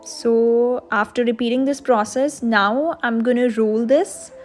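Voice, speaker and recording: A woman's voice: a little high, measured pace, soft background music. Woman walking through a recipe, step by step. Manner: clear step-by-step explaining. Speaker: cooking channel host. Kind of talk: recipe instruction voice-over.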